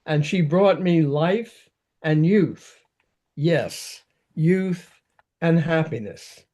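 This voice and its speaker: A man's voice: on the high side, drawn-out words, dark tone. A man reading aloud the lines of an older nobleman who speaks earnestly of his love for his young wife. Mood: tender. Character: older nobleman, devoted husband, tender and earnest.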